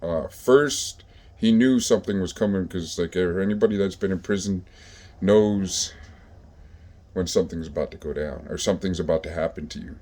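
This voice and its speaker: A man with a very low, mellow voice tells stories from his own past in an easygoing way. His talk is rough and profane, and he keeps stopping for fillers as he thinks. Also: moderate pace. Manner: profane, laid-back street talk with many fillers. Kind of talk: casual storytelling.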